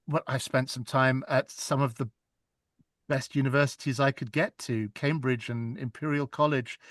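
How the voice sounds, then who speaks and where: A man's voice: mid-range voice, fairly bright tone, dry recording, studio quality. A man, an audiobook narrator talking in an interview, earnest and reflective, thinking aloud with small restarts. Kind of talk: casual interview chat.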